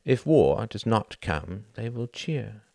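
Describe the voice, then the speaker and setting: A man's voice: fairly low pitch, very animated, slow pace, gravelly, warm tone, dry recording, voice pushed up, heavily acted. A man reading an audiobook, voicing a scornful, theatrical Englishman who drifts between brooding and sardonic outbursts.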